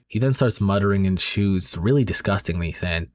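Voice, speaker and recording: A man's voice: on the low side, brisk, hardly any pauses, a little mellow, no room sound, studio quality. A man narrating a horror comic recap in a chatty way, talking straight to viewers with many fillers.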